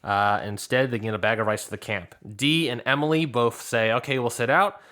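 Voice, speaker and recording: A man's voice: medium pitch, brisk. A man co-hosting a casual podcast, breaking down each episode with enthusiasm. He recaps the plot and acts out the players' lines as he goes. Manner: animated retelling, acting out the players' lines. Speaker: podcast co-host.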